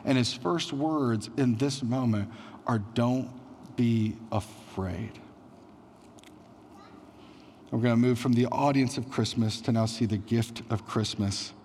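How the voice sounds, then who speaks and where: A man's voice: mid-range voice, moderate pace, darkish tone, big-room sound, a little hiss or hum. A man preaching a sermon as pastor, in a conversational style with frequent fillers.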